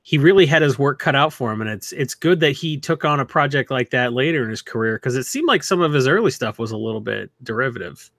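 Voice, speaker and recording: A man co-hosting a podcast, chatting about films in an opinionated, quick way and mocking other people's voices. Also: mid-range voice, lively intonation, a bit bright, no echo, clean studio sound. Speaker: podcast co-host. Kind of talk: casual film discussion.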